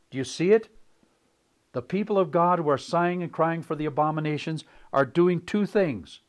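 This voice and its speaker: Older male preacher, slightly high voice, slow emphatic sermon delivery with repeated phrases. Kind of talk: sermon reading and commenting on texts.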